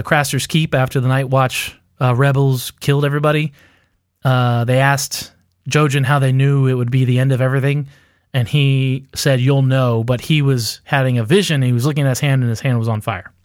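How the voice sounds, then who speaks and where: Here a podcast co-host with a medium-pitched voice meanders through a theory in a casual conversation, leaning on fillers and self-mocking laughter. The sound is clean studio audio with no room sound.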